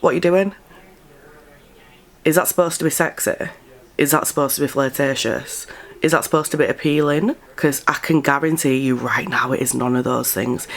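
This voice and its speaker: Blunt, incredulous woman vlogger. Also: low-pitched. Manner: blunt, incredulous, swears freely. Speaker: commentary vlogger. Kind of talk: gossip commentary.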